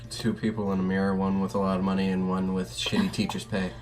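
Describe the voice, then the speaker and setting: A woman's voice: a bass voice, monotone, fast talker, darkish tone, soft background music. A woman chatting casually while playing a visual novel, crude and joking, laughing often. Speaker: game player.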